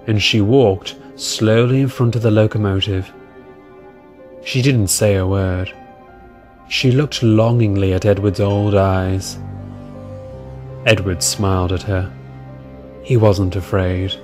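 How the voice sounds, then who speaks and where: A man narrating a storybook tale in a measured, calm way. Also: fairly low pitch, faint music behind.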